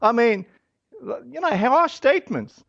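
A man with a fairly high voice preaches in a loose, chatty way, often slipping in fillers and quick asides. The sound is very dry with no room around it, and the recording is a little dull and lo-fi. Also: vocal fry, no echo. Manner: casual and animated, acts out quoted voices, many fillers. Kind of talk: conversational sermon.

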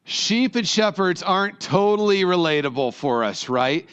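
A man's voice: high-pitched, lively intonation, moderate pace, fairly bright tone, clean tone. Guy from rural ohio preaching, chatty with the crowd, kinda dull muffled audio. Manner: conversational, jokes with the congregation. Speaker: pastor. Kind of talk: sermon with prayer and scripture reading.

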